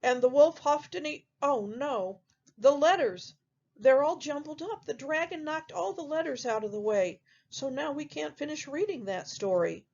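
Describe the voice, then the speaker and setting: A woman, a teacher, reading a picture book aloud to children in a gentle, expressive storytelling manner. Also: high voice, moderate pace, muffled recording.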